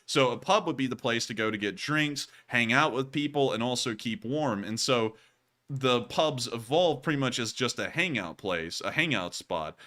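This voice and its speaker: A man's voice: medium pitch, animated, normal speed, bright, forceful tone. A man hosting, chatting casually and explaining history with lots of fillers. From United States. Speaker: host. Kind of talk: casual commentary over video.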